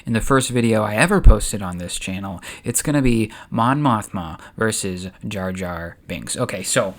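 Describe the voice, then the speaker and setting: A man's voice: fairly low pitch, normal speed. Chatty man telling a story. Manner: chatty, relaxed, uses fillers. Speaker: YouTube host. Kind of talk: casual storytelling narration.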